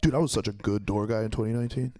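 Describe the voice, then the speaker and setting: A young man, a stand-up comic, talks loosely on a podcast. He rambles, swears freely, and laughs often. His voice sits low and is recorded dry and close. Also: steady tone, racing, warm tone, dry recording. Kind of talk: casual chat.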